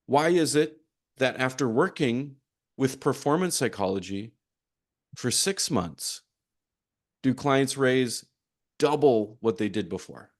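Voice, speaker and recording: A man coaching on performance psychology, speaking to a conference audience in an animated storytelling manner. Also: medium pitch, slow pace, long pauses. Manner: animated storytelling with acted-out quotes. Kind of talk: conference session talk.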